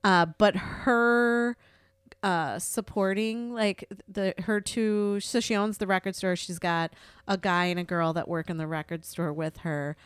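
Chatty woman with a smooth, dry voice. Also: mid-range voice, measured pace, dry recording. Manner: chatty, swears freely, animated storytelling. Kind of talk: casual chat.

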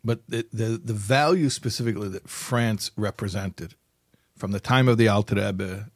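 A man interviewing a guest, explaining points in a measured, thoughtful way. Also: lowish voice. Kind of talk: conversational interview.

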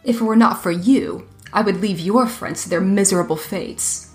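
A woman's voice: mid-range voice, normal speed, darkish tone, soft background music, close to an everyday voice. A woman voicing an old crone enchantress who cackles and speaks shrewdly in a storybook reading.

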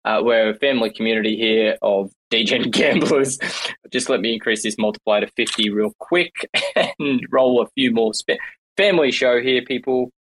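A man's voice: medium pitch, normal speed, fairly bright tone, rough recording. A man co-hosting a casual chat, joking and teasing as he plays along. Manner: joking, teasing, playfully scolding.

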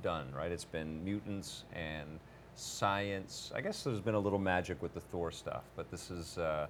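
A man's voice: low voice, a little slow, a little hiss or hum. Playful man hosting a casual chat. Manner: playful, teasing, loud opener. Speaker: host.

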